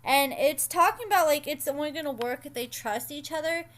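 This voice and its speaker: Bright high-voiced sassy woman host. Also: brisk. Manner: chatty, opinionated, sassy asides. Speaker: reality TV commentary host. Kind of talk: casual recap and commentary.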